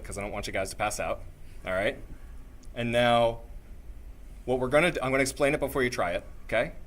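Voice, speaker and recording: A man leading a live workshop, coaching the room like a voice teacher with a singing background, energetic and coaxing, checking in again and again with "right?" and "okay?". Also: mid-range voice. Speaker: workshop presenter.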